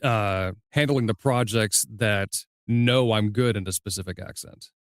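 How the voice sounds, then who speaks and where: A man with a slight Southern US accent, hosting a podcast interview and asking measured questions in an easygoing, storytelling way. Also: on the low side, no room sound, clean studio sound. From Southern United States. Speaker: podcast host and audiobook narrator. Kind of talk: casual interview chat.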